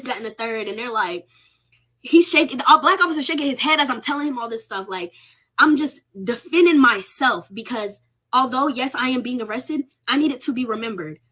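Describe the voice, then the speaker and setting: A bright, forceful, high-leaning voice with a breathy edge belongs to a young college student telling a livestream audience about her arrest. Casual yet shaken, she curses freely and speaks candidly, close to tears.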